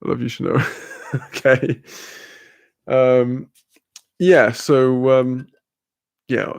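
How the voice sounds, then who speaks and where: A British man rambles through a casual live-stream chat, swearing freely and laughing often as he reads viewer comments. His voice has a gravelly fry and sits at an ordinary pitch. The sound is dry and close, with no room echo. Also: fairly even intonation, very slow, darkish tone.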